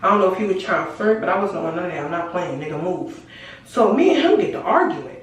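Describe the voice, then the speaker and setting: A woman's voice: mid-range voice, sing-song, fast talker. Blunt teenage girl in an echoey room. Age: teens. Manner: blunt, swears freely, acts out dialogue. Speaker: vlogger telling a story. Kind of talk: casual storytime monologue. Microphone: camera mic at a distance. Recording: very echoey room, far from mic.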